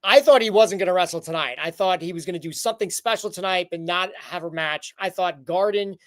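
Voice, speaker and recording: A man's voice: high voice, fairly quick, dry recording. A man co-hosting a wrestling recap podcast, chatting casually and rambling with frequent restarts. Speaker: podcast co-host.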